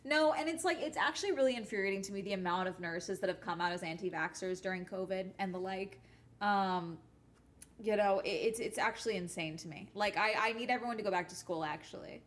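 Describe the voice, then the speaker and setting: A woman's voice: mid-range voice, a little fast. A young adult woman YouTuber chatting casually on a live stream while gaming, ranting bluntly and swearing often.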